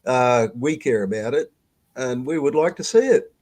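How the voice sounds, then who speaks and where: An older Australian man telling a rambling, halting story over a video call, swearing and laughing as he goes. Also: mid-range voice, expressive, darkish tone. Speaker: guest storyteller. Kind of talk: casual storytelling on a live stream.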